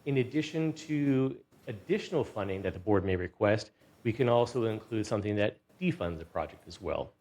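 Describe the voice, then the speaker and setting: A man's voice: on the low side, lively intonation, brisk, darkish tone. A man presenting a staff report to a community board, reading a disclaimer aloud and then explaining it with fillers, out of breath from the stairs. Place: boardroom meeting.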